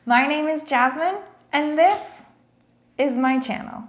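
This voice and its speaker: A woman's voice: sits high, a little slow, very noisy. Young woman, baking vlogger, chatty, playful, echoey kitchen. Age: young adult. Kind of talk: casual chat. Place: home kitchen.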